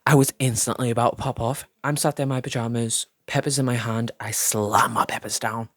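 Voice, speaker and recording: A man's voice: mid-range voice, no echo. Young man, sassy storyteller, swears a lot, mid voice, dry sound. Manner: sassy, dramatic, heavy swearing; fast, lively gossip delivery. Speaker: storytime vlogger. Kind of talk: storytime retelling.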